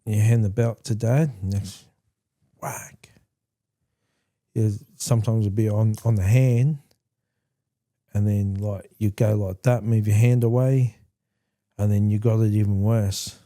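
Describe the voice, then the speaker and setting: Dark-voiced man telling his story. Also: on the low side. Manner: halting, with frequent restarts; candid and plainspoken. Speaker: podcast host. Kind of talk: personal storytelling.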